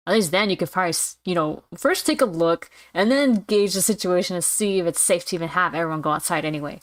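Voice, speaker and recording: A young woman with a fairly low voice plays through a story game on stream. She reads the dialogue aloud and throws in loose, profane commentary in a relaxed, casual way. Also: quick pace, hardly any pauses, dry recording, clean studio sound. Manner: casual, swears freely. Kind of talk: let's play commentary, reading game text aloud.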